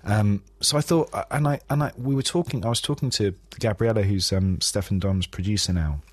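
A man's voice: fairly low pitch, brisk, dry recording. A man hosting a casual chat, hesitant and chatty, laughing easily.

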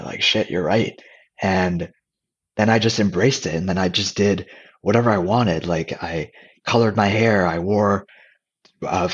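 Man, husky voice, low pitch, relaxed candid chat, filler words. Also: highs cut off. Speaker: podcast guest. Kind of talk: casual conversational storytelling.

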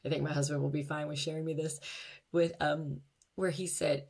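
Low-voiced woman podcast host. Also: little pitch movement, fairly quick, gravelly, darkish tone, breathy edge. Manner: candid, reflective, laughs at herself. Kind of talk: personal monologue podcast.

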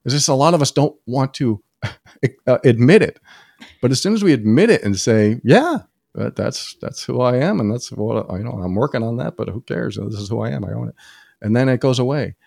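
A man co-hosting a casual podcast, telling personal stories in an animated way and acting out the people he quotes. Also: a little fast, creaky, dry recording, studio quality. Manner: animated storytelling, acts out quoted people with sudden high pitch jumps. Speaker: podcast co-host. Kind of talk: casual conversation.

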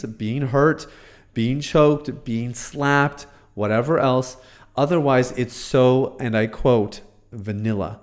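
Male commentator, earnest and conversational, mid-pitch, halting with fillers. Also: a little mellow. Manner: earnest, hesitant with fillers and restarts. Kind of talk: casual commentary.

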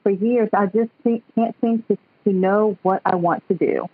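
Husky Southern woman on a phone line. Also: mid-range voice, fairly even intonation, normal speed, no echo. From North Carolina. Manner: hesitant, soft, laughs often. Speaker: caller. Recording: dull, dry phone line.

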